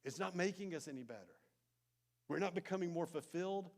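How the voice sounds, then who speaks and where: A man preaching a sermon as pastor, telling a story with animated emphasis and then dropping into soft, intense asides. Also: sits high, brisk. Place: church sanctuary.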